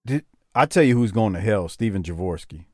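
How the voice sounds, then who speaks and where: A man, co-hosting a casual chat, excitable and prone to stammering repeats. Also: fairly quick, dry recording, clean studio sound. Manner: excitable, repeats himself, slips into a high mocking voice when quoting. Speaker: podcast co-host.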